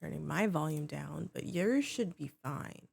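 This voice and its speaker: A woman's voice: low-pitched, lively intonation, a little slow, vocal fry, darkish tone, husky. A woman game streamer chatting casually with her viewers, bubbly, greeting them by name and swearing offhandedly.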